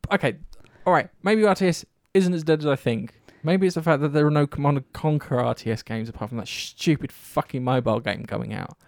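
A man's voice: a little high, fairly quick, vocal fry, hardly any pauses, no echo, studio quality. A man chatting casually about games, rambling and swearing freely as he tells stories. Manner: rambling, swears often, animated storytelling.

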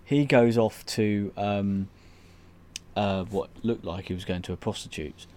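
Hesitant low-voiced man recapping. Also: steady tone, darkish tone, a little hiss or hum. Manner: hesitant, halting recap with frequent fillers, casual swearing. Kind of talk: casual chat.

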